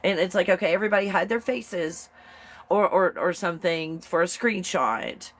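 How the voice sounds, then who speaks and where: A woman hosting a casual live-stream show, chatty and excitable, rambling along and laughing often. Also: lowish voice, normal speed.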